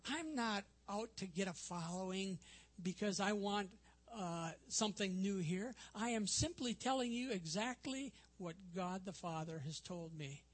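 Earnest, high-voiced older male preacher. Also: expressive, a little slow. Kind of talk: sermon.

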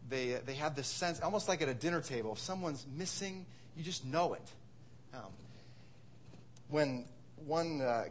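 A man's voice: medium pitch, slight background noise. A man from Wisconsin preaching a sermon as pastor, conversational, asking rhetorical questions and repeating words.

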